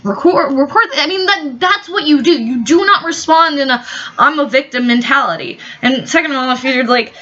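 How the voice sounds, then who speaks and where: Woman vlogger, high sharp voice, profane sarcastic rant, dull lo-fi audio. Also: a little fast, few pauses, a little hiss or hum. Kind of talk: ranting commentary vlog. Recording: dull lo-fi recording.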